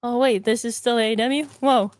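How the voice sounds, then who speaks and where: A woman co-hosting a live wrestling watch party stream, chatting casually and laughing often between quick asides. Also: on the high side, fairly even intonation, a little mellow, no echo. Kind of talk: casual live reaction chat.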